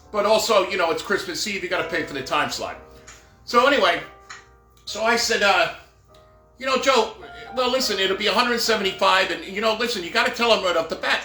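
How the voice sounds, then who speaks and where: This middle-aged man, a professional Santa by trade, rambles casually through his stories with jokes on the side and acts out any dialogue he quotes. His voice is high-pitched with a sharp tone, and faint music plays within a roomy echo.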